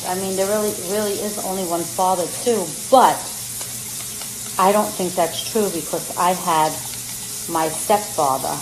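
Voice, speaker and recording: A woman's voice: lowish voice, roomy sound, background noise. A middle-aged woman on a casual livestream, telling family stories in a candid, rambling, emotional way while she cooks. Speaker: livestream host talking about her family.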